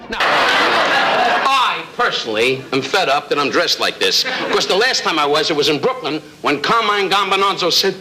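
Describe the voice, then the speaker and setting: A man doing rapid insult comedy as a talk show guest, jabbing at the host and guests and slipping into mock voices. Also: on the high side, big pitch swings, very noisy. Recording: old broadcast, loud studio audience.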